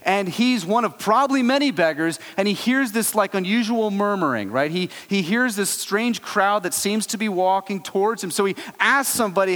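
A man preaching a sermon, telling the story with animated swings between loud exclaiming and hushed low tones. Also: normal speed, few pauses. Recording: long hall reverb.

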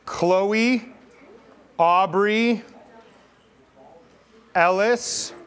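A man's voice: high-pitched, drawn-out words, fairly bright tone, smooth. A man telling a Bible story to children in a playful, chatty way, directing kid volunteers. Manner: playful, chatty, coaxing kids. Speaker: pastor leading a children's message.

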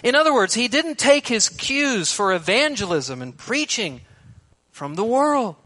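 A man preaching an expository sermon, emphatic and shifting between loud stresses and hushed words. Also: very high-pitched, very animated, unhurried.

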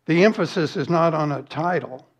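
A man's voice: a little high, normal speed. A man preaching a sermon as pastor, earnest and emphatic, with rhetorical questions and lists.

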